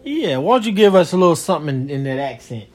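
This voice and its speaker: A man's voice: fairly high pitch, big pitch swings, quick pace, a little mellow, soft background music. A man chatting casually with his child, teasing and joking in a loose, slangy way. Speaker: parent.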